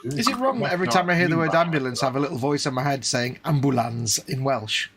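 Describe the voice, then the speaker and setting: A man's voice: mid-range voice, fast, a loud crowd. A man co-hosting a casual livestream, trading playful quips. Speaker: livestream co-host. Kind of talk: casual chat.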